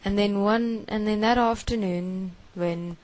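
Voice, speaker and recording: A woman giving a first-person spoken confession, halting and hushed, with many repetitions. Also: mid-range voice, fairly even intonation, poor audio.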